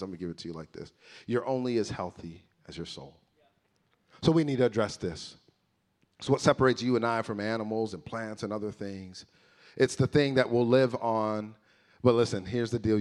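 A man as a pastor giving a lively, conversational sermon with joking asides. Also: on the low side.

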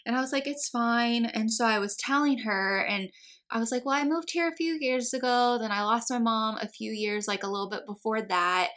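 Speaking at a moderate pace in a somewhat high, fairly bright voice, a young American woman tells a long story about herself in relaxed chat. She acts out what people said and uses "like" constantly.

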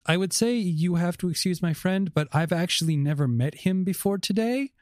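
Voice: medium pitch, moderate pace, a little mellow, dry recording, studio quality. A player in a tabletop game, polite and matter-of-fact. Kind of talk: tabletop role-play.

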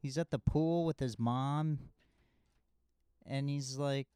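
A man's voice: mid-range voice, fairly even intonation, takes it slowly, dark tone, smooth, no room sound, studio quality. A man recapping a movie in a casual, rambling, jokey way with lots of fillers. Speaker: movie reviewer.

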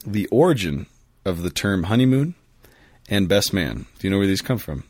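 A man co-hosting a casual talk show, joking and jumping in with quick asides. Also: deep voice, animated, darkish tone, dry recording. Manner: jokey, interjecting, quick asides. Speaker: podcast co-host. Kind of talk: casual chat.

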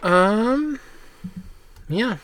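A man talks through an anime episode on a casual podcast, stopping often for fillers and side remarks. His voice sits at an ordinary pitch and is recorded dry and close, with no room sound. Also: animated, very slow, fairly bright tone, no echo. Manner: rambling, filler-heavy recap with asides. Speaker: podcast host summarizing an anime. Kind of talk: casual chat.

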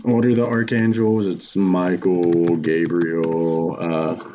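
A man's voice: low voice, level tone, slow pace, dull audio, background noise. A man co-hosting a comedy podcast, rambling and jokey, laughing often as he riffs. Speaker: podcast co-host. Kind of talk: casual comedy podcast banter.

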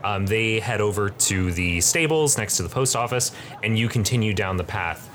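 A low-voiced man runs a tabletop game as game master, narrating in a halting, stop-and-start way. A faint ambience hums behind him. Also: animated, fairly bright tone, a little hiss or hum. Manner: halting, full of fillers and restarts.

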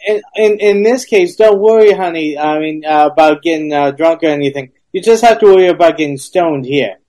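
A man with a slightly high voice jokes his way through a casual podcast chat. He riffs and teases the others in a loose, goofy manner. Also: a little fast, mellow. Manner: goofy, riffs on what they are watching. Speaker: podcast co-host.

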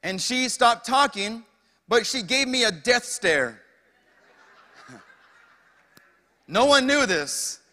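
A young male pastor preaching in a church with a long hall echo around him. His voice sits high and ringing, and he takes his time, pausing often and checking in with the congregation. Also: lively intonation, sharp tone. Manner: preaching with call-outs to the congregation. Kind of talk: sermon.

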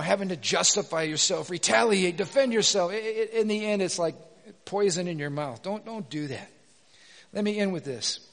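A pastor with a high voice preaches with emphasis, acting out the people he quotes and rising at times to a shout. His voice rings with the long reverb of a large hall. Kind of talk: sermon.

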